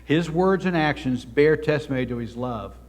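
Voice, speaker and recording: A man preaching a sermon as pastor, earnest and exhorting, his voice swelling louder when he drives a point home. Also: on the high side, expressive, moderate pace, big-room sound. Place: church sanctuary.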